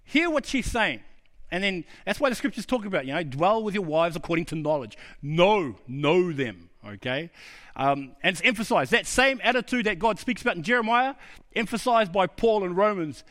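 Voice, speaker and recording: A male preacher delivers a sermon with a high-pitched voice. He drives his points home by repeating words emphatically. The sound carries the long reverb of a large hall. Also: animated, moderate pace, fairly bright tone. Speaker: pastor.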